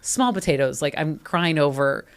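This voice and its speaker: Chatty woman co-host with a low voice. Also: normal speed, smooth. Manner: chatty, animated storytelling with laughs. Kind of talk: casual chat.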